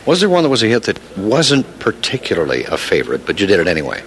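A male radio interviewer asks brief, curious questions. He talks fast, and his lowish voice moves up and down in a lively way. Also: a little hiss or hum.

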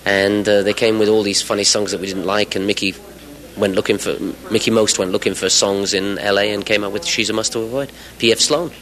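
A man in his forties from England speaks as a radio interview guest. His voice sits a little low, and he rambles cheerfully, with fillers and the odd laugh. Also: fairly even intonation, fairly quick, fairly bright tone, rough recording. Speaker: musician guest.

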